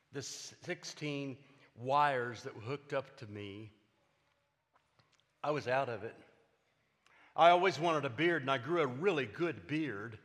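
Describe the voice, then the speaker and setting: A man's voice: mid-range voice, a bit bright. An older man, preaching a sermon as a personal testimony, earnest and emphatic with repeated phrases. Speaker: pastor. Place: church sanctuary. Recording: hall reverb.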